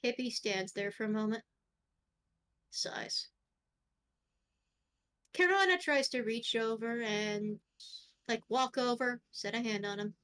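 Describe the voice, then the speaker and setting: A woman runs a tabletop game as game master and narrates the scene in a casual, offhand way. Her voice is high for a woman, and she drops in a swear now and then. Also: a bit bright, a little hiss or hum.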